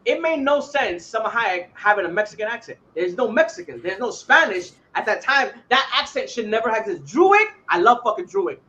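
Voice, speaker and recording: A man's voice: high-pitched, sing-song, a little fast, few pauses, pushed and bright, lo-fi sound. A man from Puerto Rico co-hosting a podcast, nitpicking a film in heated talk full of swearing. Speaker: podcast co-host. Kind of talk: casual podcast banter.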